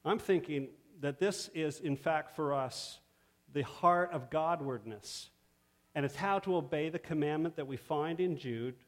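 A man preaching a sermon, measured and emphatic, pausing to stress key words. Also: a little high. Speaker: pastor.

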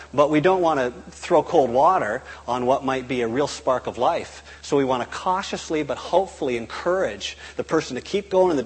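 Male preacher, husky voice, animated delivery with acted-out dialogue; reverberant hall sound. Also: mid-range voice. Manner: animated, acts out dialogue in quotes. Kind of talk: sermon.

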